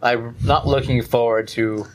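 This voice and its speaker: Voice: mid-range voice, steady tone, unhurried, background noise. A podcast co-host chatting casually in a playful way, laughing often. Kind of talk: casual chat.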